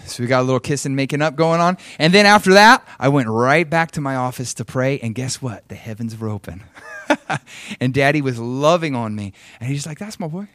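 Male preacher, mid-range voice, lively storytelling sermon, dry close sound. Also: a little fast, no echo. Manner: animated personal storytelling, chuckles often; swings between loud emphasis and soft low asides.

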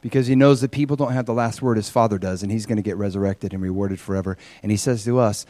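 Animated guy preaching thru a story, earnest, dry room. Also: on the low side, quick pace, hardly any pauses, no echo. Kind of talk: sermon storytelling.

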